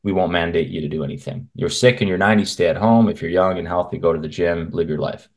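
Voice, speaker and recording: A man's voice: low voice, steady tone, quick pace. A man speaking as a guest, a men's health coach, chatting bluntly and with strong opinions in long rambling runs over a video call. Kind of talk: casual interview conversation. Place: at home in Canada.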